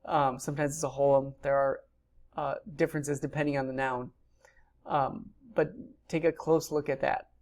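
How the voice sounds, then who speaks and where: Low-voiced woman teaching grammar patiently. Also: little pitch movement, moderate pace, darkish tone. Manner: patient, explanatory, with frequent ums. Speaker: Hebrew teacher. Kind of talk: recorded grammar lecture.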